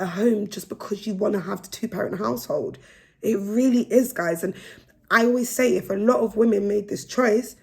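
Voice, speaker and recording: A woman's voice: medium pitch, breathy edge. A young woman chatting frankly and with energy to her phone camera as a vlogger. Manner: frank, animated, laughs between points. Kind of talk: casual chat to camera.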